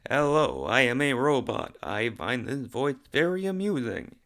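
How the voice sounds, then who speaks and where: Goofy robot voice put on by a man: loud, stiff, monotone, with a smooth, resonant tone. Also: mid-range voice, unhurried. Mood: robotic. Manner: loud, stiff, evenly spaced robotic delivery. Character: flat monotone male robot.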